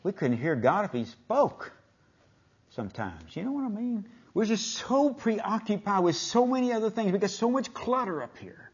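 A man's voice: sing-song, moderate pace, husky, muffled recording. Older man preaching with big swings. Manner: dramatic swings from booming to near-whisper; folksy, retells scripture in plain speech. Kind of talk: sermon.

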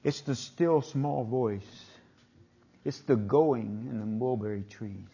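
An older male preacher delivers a sermon in a folksy, storytelling way. His voice swells to booming proclamations and falls back to hushed, near-whispered lines. The recording is dull and lo-fi. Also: slow pace, creaky, slightly rough. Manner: folksy, retells scripture in plain speech.

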